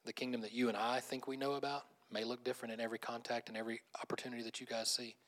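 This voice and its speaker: Animated man preaching a casual sermon. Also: mid-range voice, racing. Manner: animated, laughs often, restarts phrases. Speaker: pastor. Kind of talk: conversational sermon.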